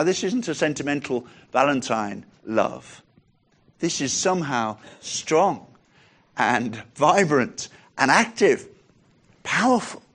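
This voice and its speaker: A man preaching a sermon in a conversational way, dropping softer for quoted lines and lifting his voice when reading scripture aloud. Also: on the high side, breathy edge.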